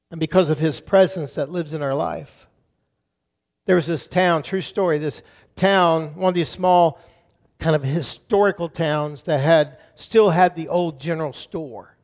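A middle-aged male pastor preaching a sermon, shifting between soft, quiet passages and loud, emphatic build-ups. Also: fairly high pitch, steady tone, unhurried. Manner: dynamic preaching, drops to soft tones then builds up loud.

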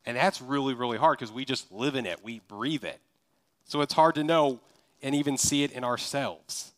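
A man's voice: mid-range voice, moderate pace, fairly bright tone. A man from Kansas preaching a sermon in a loose, conversational way, full of rhetorical questions. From Kansas, USA. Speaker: pastor.

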